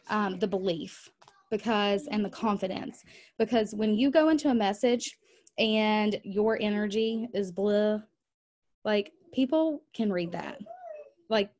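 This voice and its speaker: A woman leading a team call, talking casually and acting out inner thoughts with lively bursts. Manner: animated, chatty, acts out inner voices in a higher pitch. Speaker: team leader. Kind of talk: team call coaching talk. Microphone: video call.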